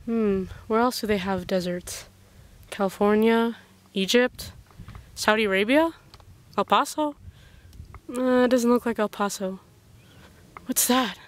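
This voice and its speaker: A woman's voice: a little high, measured pace, long pauses. A young woman from the Philippines acting in an amateur comedy skit, exclaiming bewildered questions. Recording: home video with clear background noise.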